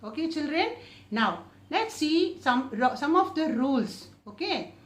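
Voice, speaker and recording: A woman teaching children an English lesson, stretching out each word slowly and often saying it twice, then asking the class questions and answering them herself. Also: high voice, sing-song, reverberant. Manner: slow, drawn-out modelling of each word, often repeated.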